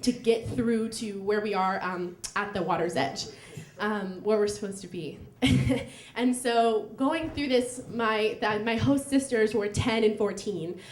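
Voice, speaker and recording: A woman's voice: mid-range voice, a little slow. A young woman telling a personal story live on stage, chatty and laughing, with lots of fillers. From United States. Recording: echoey live room.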